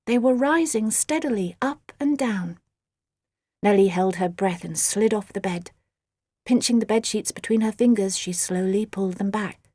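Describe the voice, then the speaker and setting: A woman narrating a children's audiobook with expressive, dramatic storytelling. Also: mid-range voice, dry recording, studio quality.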